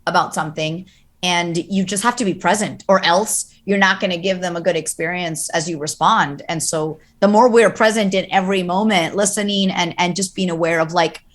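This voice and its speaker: Lowish-voiced woman chatting, animated, acts out voices as she talks. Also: moderate pace. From Colombian-American. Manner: animated, acts out quoted voices with big pitch jumps. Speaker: guest voice actor. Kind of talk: casual podcast chat.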